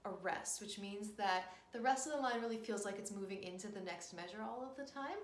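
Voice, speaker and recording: Young female piano teacher, upbeat mini-lesson delivery, mid-pitched voice, echoey room. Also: a little fast. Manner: upbeat, encouraging, talks to the student directly.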